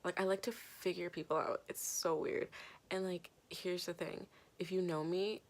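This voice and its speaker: A woman's voice: lowish voice, steady tone, normal speed. A woman in her twenties, a vlogger telling a story to her camera in a rambling, casual way, full of fillers and casual swearing. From Canada. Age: 20s. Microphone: compact camera mic.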